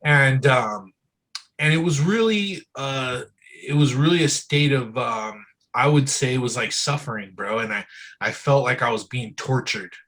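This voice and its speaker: A man with a slightly husky, mid-pitched voice speaks as an interview guest. His talk is loose and candid, full of casual asides like bro and dude. It sounds like an easygoing one-on-one chat. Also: measured pace, fairly bright tone, poor audio. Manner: loose and frank, often says "bro" and "dude".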